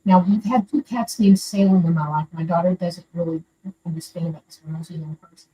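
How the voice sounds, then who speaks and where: A woman's voice: on the low side, fairly even intonation, fast talker, dark tone. An older woman from Florida calling in to share a personal story, talking in an earnest and rambling way. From Florida, USA. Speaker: caller sharing a story. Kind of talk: casual storytelling. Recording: distant mic with faint background noise.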